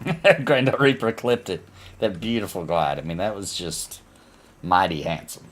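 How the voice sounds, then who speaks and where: A man's voice: sits low, measured pace, a bit bright. A man streaming a game live, chatting to his viewers and laughing often as he plays. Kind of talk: live gameplay commentary.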